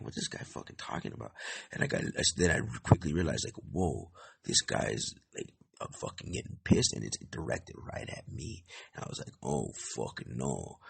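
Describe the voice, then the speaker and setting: A young man with a very deep, gravelly and husky voice tells a story in a loose, rambling way. He swears freely and fills his sentences with "like". His pitch swings widely as he goes. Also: a bit bright. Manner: rambling, profane, many "like" fillers. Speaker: podcast host. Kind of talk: casual storytelling monologue.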